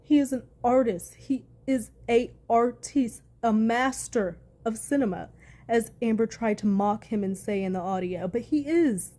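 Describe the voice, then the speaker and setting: A woman's voice: fairly high pitch, expressive, normal speed, mellow. A woman giving heated vlog commentary, reading news aloud between angry, profane rants. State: furious.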